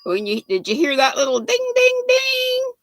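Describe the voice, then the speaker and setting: A woman's voice: high voice, huge pitch swings, brisk. An older woman hosting a casual livestream, chatting with viewers by name and reading trivia aloud. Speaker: livestream host.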